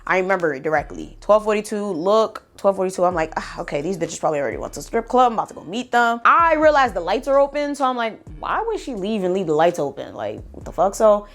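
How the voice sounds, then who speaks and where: A woman telling a storytime in a casual vlog, animated and profane, acting out texts and dialogue. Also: fast, few pauses. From United States. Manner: animated and profane, reenacts texts and dialogue with big pitch jumps. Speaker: storytime vlogger.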